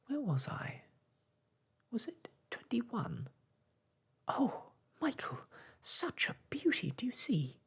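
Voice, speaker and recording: A man's voice: medium pitch, measured pace, vocal fry, slightly rough, heavily acted. A man voicing an eager, wondering young girl in a whispered role-play. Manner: excited, wondering.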